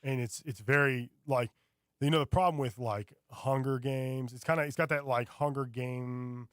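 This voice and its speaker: Guy telling a long rambly story on college radio, mid pitch, no room sound. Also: moderate pace, smooth, dry recording, studio quality. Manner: rambling, animated storytelling with many fillers. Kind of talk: casual radio chat. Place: radio studio.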